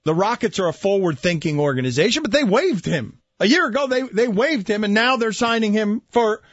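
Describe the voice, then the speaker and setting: Man, radio sports host, bouncy high pitch, pushy questions, muffled dry recording. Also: lively intonation, brisk, no room sound. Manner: emphatic, questioning, restarts mid-thought. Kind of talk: sports talk radio debate. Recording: dull dry studio sound.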